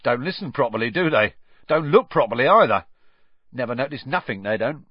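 A man reading an audiobook voices a brash, cocky teenage male bus conductor with a loud, slangy manner. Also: medium pitch, expressive, fairly quick, no room sound, dull audio, pitched above the performer's own voice, lightly acted. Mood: contemptuous.

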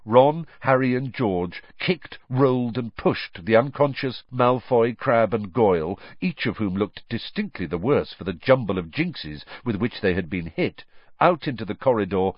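A man reading a story aloud as narrator, with expressive storytelling delivery. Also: unhurried, no room sound. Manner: lively storytelling with varied pitch. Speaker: audiobook narrator. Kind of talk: scripted narration. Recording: dry, slightly muffled lo-fi recording.

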